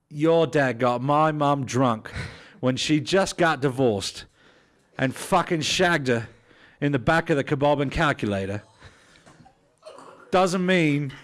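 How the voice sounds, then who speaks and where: A man's voice: on the high side, expressive. Man playing a hot-tempered crook. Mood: angry. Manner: profane, quick-tempered. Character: hot-tempered crude British gangster.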